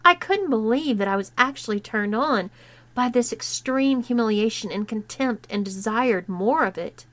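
A woman narrating a written story in a slow, deliberate reading. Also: on the high side, animated, a bit bright. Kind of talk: scripted narration of an erotic story.

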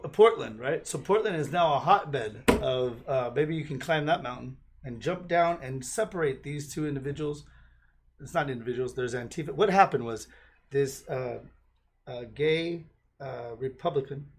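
A man hosting a podcast, rambling in an animated, jokey way in casual chat. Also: medium pitch, normal speed, husky. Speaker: podcast host.

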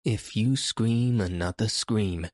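A man's voice: lowish voice, slow, a little mellow, no echo, studio quality. A man reading aloud, voicing a fierce, bossy little girl who scolds sharply. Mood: furious.

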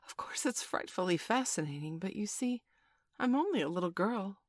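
A woman reading a storybook and voicing Wendy, a prim, motherly little girl who talks in an earnest, gently fussing way. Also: medium pitch, expressive, normal speed, no echo, clean studio sound, pitched above the performer's own voice, lightly acted.

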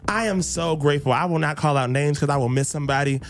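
A man hosting a casual podcast, animated and laughing, breaking into sung phrases. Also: a little high, fast. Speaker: podcast host.

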